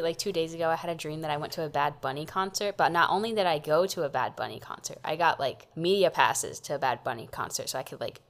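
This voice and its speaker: A woman co-hosts a podcast in relaxed, casual chat. Her voice sits a little low, and she tosses in dry, joking asides. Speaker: podcast co-host.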